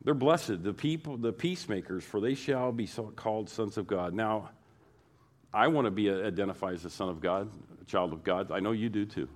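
A man's voice: lowish voice, a little fast. A man preaching a sermon to his congregation, repeating phrases and building emphasis as he goes. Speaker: pastor.

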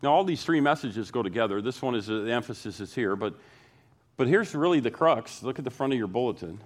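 Man, pastor, sermon, repeating phrases, mid-pitched voice. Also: expressive, a little fast. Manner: preaching with rising emphasis, repeating phrases.

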